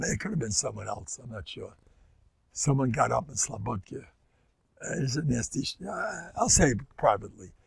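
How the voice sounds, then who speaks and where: A hoarse older man gives a rambling Torah class. His voice is raspy and full of fry, and it swings between near-whispers and sudden loud bursts. The sound is close and dry. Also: mid-range voice, dry recording. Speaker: rabbi giving a Torah class. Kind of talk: informal Torah lecture with stories.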